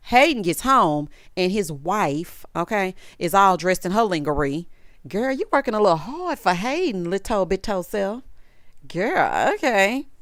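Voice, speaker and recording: A woman's voice: medium pitch, clean tone, no echo, clean studio sound. A woman recapping a TV episode in a sassy, chatty way, acting out the characters' lines as she goes. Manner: sassy, animated, acts out quotes. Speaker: recap vlogger. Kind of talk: casual TV recap.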